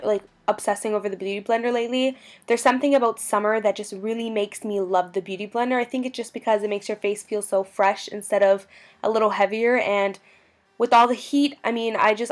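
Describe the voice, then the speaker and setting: A young woman narrating a makeup tutorial, gushing about products in a bubbly, chatty way. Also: medium pitch. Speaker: beauty vlogger.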